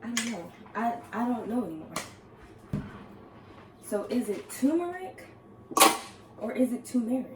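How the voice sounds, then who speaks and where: A woman's voice: on the high side, moderate pace, pauses often, heavy background noise. A woman chatting casually with her viewers while getting ready at home, laughing often and calling them "girl". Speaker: vlogger. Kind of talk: casual get-ready-with-me chat. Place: home kitchen, then upstairs.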